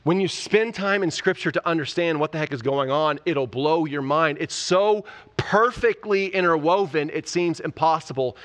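A man's voice: on the high side, normal speed, fairly bright tone. Enthusiastic man teaching from the Bible. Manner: enthusiastic, conversational, asks rhetorical questions. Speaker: pastor.

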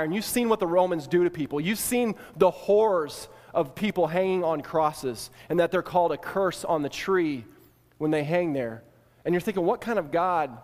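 Preacher man in a reverberant hall. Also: fairly high pitch. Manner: dramatic second-person retelling, swings from hushed to emphatic. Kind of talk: sermon storytelling.

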